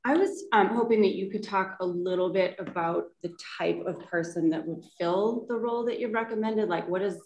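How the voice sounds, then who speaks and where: A woman's voice: mid-range voice, moderate pace, hardly any pauses, darkish tone. A woman on a school board asks the presenter a question, a little hesitant as she searches for words. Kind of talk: asking a question at a board meeting. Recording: echoey meeting room.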